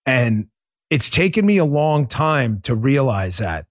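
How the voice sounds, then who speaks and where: A man's voice: mid-range voice, big pitch swings, measured pace. A man hosts a political talk show in a mid-range voice, speaking bluntly and earnestly. He swears freely. The sound is dry, with no room echo. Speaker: podcast host.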